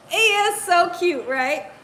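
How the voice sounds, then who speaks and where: A woman's voice: very high voice, fairly bright tone, slight background noise. A woman hosting a casual live stream, laughing and teasing as she reads out viewer comments, speaking. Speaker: cooking channel host.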